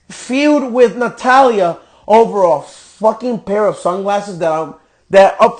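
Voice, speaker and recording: High-voiced man ranting, swearing. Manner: profane, ranting, exasperated. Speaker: podcast host. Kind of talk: wrestling show review rant.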